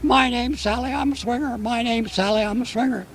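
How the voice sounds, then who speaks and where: Cheeky shrill pet parrot, singsong and very high, put on by an old man telling a joke. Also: steady tone, fairly quick, a little hiss or hum, lightly acted.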